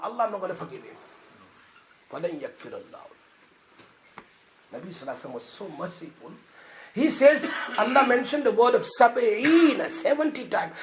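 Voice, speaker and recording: Guy preaching, really high voice, hushed then shouting, echoey mosque. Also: big pitch swings, very fast. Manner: impassioned, swings from hushed to shouting, mixes in Arabic and Hindi-Urdu phrases. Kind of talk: Friday sermon. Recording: echoey mosque room, faint noise.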